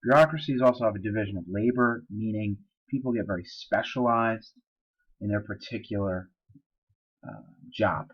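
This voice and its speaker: A man's voice: on the low side, moderate pace, slightly rough, muffled recording. A man teaching social studies in a casual, explanatory recorded lecture, with fillers and asides.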